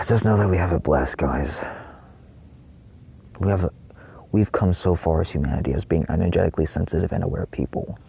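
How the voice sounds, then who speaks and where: A man's voice: low voice, moderate pace, creaky, pauses often, a little mellow, breathy edge. A man giving a rambling spiritual monologue in his trailer, swearing often and acting out his own past cries. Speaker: spiritual vlogger.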